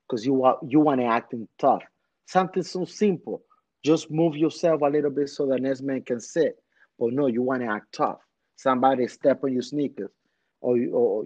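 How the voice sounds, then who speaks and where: A man in casual conversation, an animated storyteller who keeps asking "you know what I mean.". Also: mid-range voice, no echo. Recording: slightly muffled dry recording.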